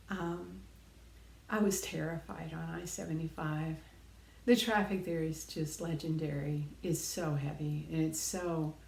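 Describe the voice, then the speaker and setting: A middle-aged woman gives an earnest, reflective personal talk about life lessons, hammering her points home with emphatic repetition. Her voice is on the low side, creaky and a little mellow, with reverberant sound.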